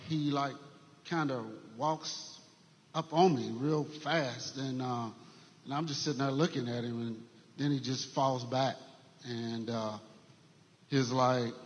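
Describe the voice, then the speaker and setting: A man sharing a church testimony story in an earnest, halting way, with many fillers and restarts. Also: mid-range voice. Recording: dull sound with long hall reverb.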